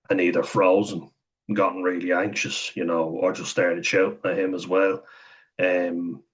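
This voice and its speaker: Low, flat, husky Irish man. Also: rough recording. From Ireland. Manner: candid, sweary, chuckles while telling stories. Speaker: vlogger. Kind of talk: casual storytelling monologue.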